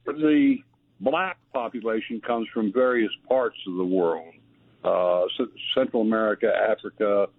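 Guy calling in on a tinny phone line, kinda low voice, stop-start rambling. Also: very animated, gravelly, no room sound. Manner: rambling, halting with fillers. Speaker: caller. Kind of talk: phone-in chat.

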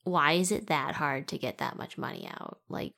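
Sarcastic young woman, low voice. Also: normal speed, creaky, pushed and bright. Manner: chatty, sarcastic, laughs often. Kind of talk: casual chat, film review.

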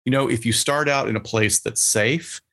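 A man, a psychologist, talking casually on a podcast and acting out quotes from clients and colleagues in an animated way. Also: medium pitch, moderate pace. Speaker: psychologist guest.

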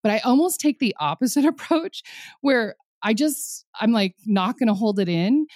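A woman guesting on a podcast in casual chat, energetic, laughing often and swearing freely. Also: on the high side, normal speed, dry recording, clean studio sound.

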